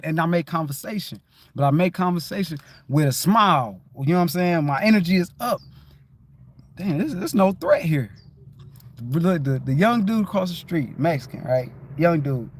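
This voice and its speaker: A middle-aged man with a notably high voice talks in a loose, rambling way on a livestream. He keeps checking in with "you know what I'm saying" and bursts into louder, higher greetings as he acts out the people he meets. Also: expressive, normal speed. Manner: acts out his own greetings in a raised voice. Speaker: livestream host. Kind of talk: casual spoken monologue.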